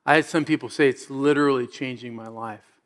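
A man's voice: medium pitch, fairly even intonation, fairly quick. A middle-aged man preaching a sermon as a pastor, telling stories in a conversational way and building to emphatic exhortations.

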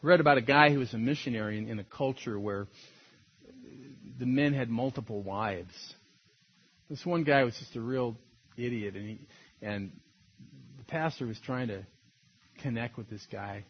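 A man's voice: mid-range voice, normal speed, pauses often, husky, muffled recording. A man preaching a sermon as a pastor, in a conversational, storytelling way that laughs at its own points.

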